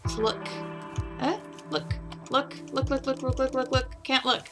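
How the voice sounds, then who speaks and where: A woman with a fairly high voice commentates on a game and reads its dialogue in a playful tone. Faint music plays underneath. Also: steady tone, measured pace. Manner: playful, voices characters while reading. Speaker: let's play host.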